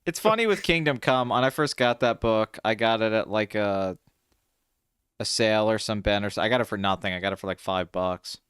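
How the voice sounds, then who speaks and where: A young man in a casual chat, talking in a smooth, resonant voice that sounds dry and close, with no room behind it. He is animated and swears freely, and his pitch leaps up whenever he gets worked up. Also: fairly quick, no room sound. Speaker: podcast co-host.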